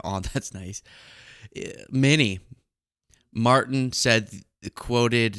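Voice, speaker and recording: A young man hosting political commentary, sarcastic and animated, on a close mic. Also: medium pitch, slow pace, smooth, dry recording. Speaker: commentary host.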